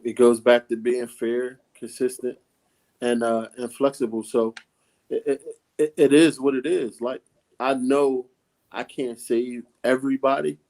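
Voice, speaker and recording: A middle-aged man in a relaxed podcast chat, earnest and plain-spoken. He often restarts his sentences while making a point. His voice sits at an ordinary mid pitch. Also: rough recording. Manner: straight-talking, earnest, with frequent restarts. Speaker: coach, mentor. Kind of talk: casual podcast conversation.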